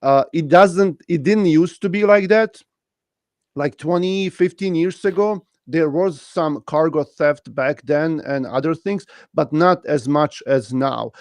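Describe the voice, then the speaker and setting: A man talks slowly and haltingly, stopping often on fillers and restarting his phrases. His voice sits a little high for a man. The recording is close and dry, with no room sound around him. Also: a little mellow, no echo. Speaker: podcast host. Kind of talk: casual conversation.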